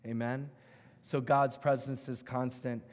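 Man, middle-aged pastor, sermon storytelling, emphatic and animated, echoing church hall. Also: medium pitch, unhurried. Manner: animated, emphatic storyteller who swings between loud and hushed. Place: church sanctuary.

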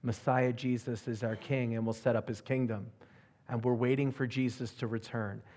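A man's voice: medium pitch, level tone, normal speed, darkish tone. A man preaching a sermon as pastor, emphatic and often asking the audience questions.

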